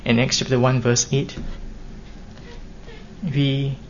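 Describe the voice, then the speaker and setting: A man preaching a sermon in an earnest, measured way, pressing his points with emphatic rises. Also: medium pitch, level tone. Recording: dull lo-fi recording with faint hiss.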